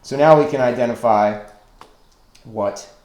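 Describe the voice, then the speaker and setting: A man teaching a recorded online lesson on poetic meter, slow and deliberate as he counts out stresses and feet. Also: medium pitch, darkish tone. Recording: echoey room.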